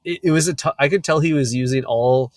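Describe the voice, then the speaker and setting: Wry, deadpan young man co-hosting. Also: fairly high pitch, quick pace, no echo. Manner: wry, deadpan storytelling with frequent laughs. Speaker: podcast co-host. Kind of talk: casual comedic chat.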